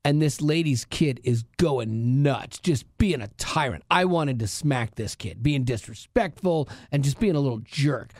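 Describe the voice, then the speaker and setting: A man co-hosting a radio talk show, chatting casually and telling stories in an animated way. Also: measured pace, hardly any pauses, no room sound, studio quality. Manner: animated storyteller, jumps into high excited voices. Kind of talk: casual chat.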